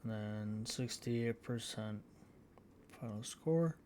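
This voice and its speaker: A man giving casual gameplay commentary as a channel host, reading out results haltingly with frequent fillers. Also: fairly low pitch, darkish tone, a little hiss or hum. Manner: halting, reads out scores with many fillers.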